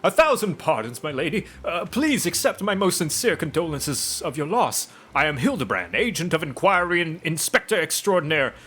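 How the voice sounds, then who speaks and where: A self-assured gentleman inspector from a fantasy game, as a man puts him on, pompous and flowery in every phrase. The voice drops a little lower and sounds grand. Faint music plays behind. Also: very animated, moderate pace, few pauses, slightly rough, full character voice. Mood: courtly. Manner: pompous, flowery formal diction. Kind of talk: reading game dialogue aloud in character.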